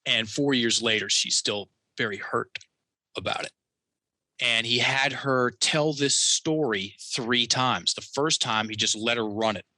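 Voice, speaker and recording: Bright, animated man telling a story. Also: medium pitch, unhurried, dry recording. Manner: animated storyteller, acts out quotes. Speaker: podcast guest. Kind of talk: storytelling in a conversational interview.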